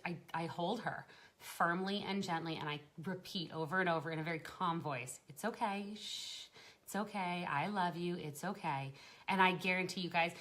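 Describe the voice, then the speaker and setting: Chatty mom hosting a live stream. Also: female voice, sits low, pushed and bright. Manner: chatty, laughs often, many fillers and restarts. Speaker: parenting group host. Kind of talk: casual live-stream talk.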